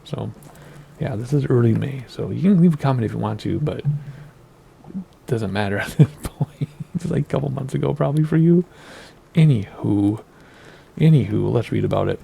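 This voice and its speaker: Thirties man, gravelly, low and mellow; chatty, rambling gameplay host. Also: fairly quick. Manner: chatty, rambling, wavers over pronunciations. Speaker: flight sim video host. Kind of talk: casual gameplay commentary.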